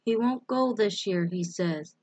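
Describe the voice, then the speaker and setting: A woman's voice: on the high side, steady tone, unhurried, gravelly, no room sound, voice pushed up. A woman voicing a worried mother who is weeping. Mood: tearful.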